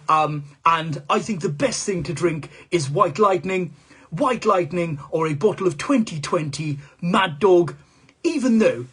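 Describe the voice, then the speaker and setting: A man's voice: sits high, husky. A male comedian doing a comic impression of a rambling, foul-mouthed male politician in a live-stream monologue, stammering and swearing as he goes.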